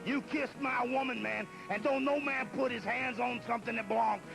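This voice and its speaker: A man's voice: very high-pitched, fairly even intonation, moderate pace, vocal fry, music in the background, poor audio. A man, a pro wrestler, cutting a taunting promo and calling his rival boy and man. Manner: trash-talking, taunting, calls people boy and man.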